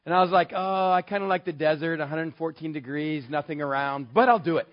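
Male storyteller from West Texas, animated and playful, on a dull lo-fi recording. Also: on the high side, brisk. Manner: lively, animated, acts out the voices in the dialogue. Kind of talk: personal anecdote told to an audience. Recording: dull, lo-fi sound.

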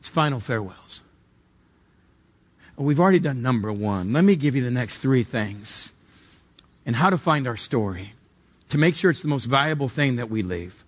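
A man preaching a sermon in a conversational manner. His middle-pitched voice leans into each point and turns often to direct questions for his listeners. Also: animated, moderate pace, long pauses. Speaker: pastor.

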